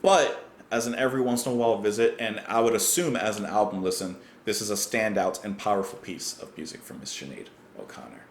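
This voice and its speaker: A man's voice: lowish voice, lively intonation, a little fast, few pauses, roomy sound, a little hiss or hum. A man hosting a music reaction channel, thoughtfully reading lyrics aloud and explaining what they mean. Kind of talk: song reaction and lyric breakdown.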